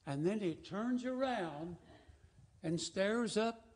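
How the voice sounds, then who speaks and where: A man's voice: sits high, slow pace. A man giving a folksy, joking talk to a congregation. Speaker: lay speaker at a congregation service. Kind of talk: humorous talk with slides. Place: congregation hall.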